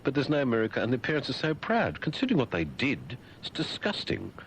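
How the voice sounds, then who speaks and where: A man with an Australian accent, a radio host riffing sardonically in a deadpan monologue on a lo-fi broadcast recording. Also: mid-range voice, brisk. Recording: dull lo-fi radio broadcast with faint hiss.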